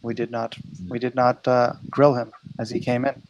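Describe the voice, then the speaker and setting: A man's voice: medium pitch, little pitch movement, moderate pace, lo-fi sound, background noise. A man co-hosting a casual livestream chat, joking loosely with the others. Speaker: livestream co-host.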